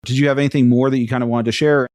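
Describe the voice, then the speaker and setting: A man's voice: medium pitch, level tone, very fast, a little mellow. A man hosting a podcast, chatting casually and reflectively with a guest. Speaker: podcast host. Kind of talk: casual interview chat.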